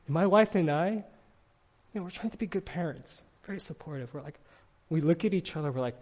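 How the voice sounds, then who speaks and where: A man's voice: on the high side, brisk, big-room sound. A middle-aged man preaching a sermon to a congregation in a church, talking in a conversational way and often checking in with "right?" while he tells stories. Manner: conversational, animated storytelling with frequent "right?" asides. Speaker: pastor. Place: church sanctuary.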